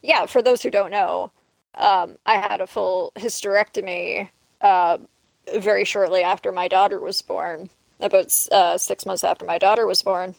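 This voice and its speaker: A woman's voice: medium pitch, fairly even intonation, moderate pace, gravelly, no echo, poor audio. A woman in her late thirties co-hosting a casual podcast chat, talking candidly and conversationally. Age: 30s. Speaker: podcast co-host.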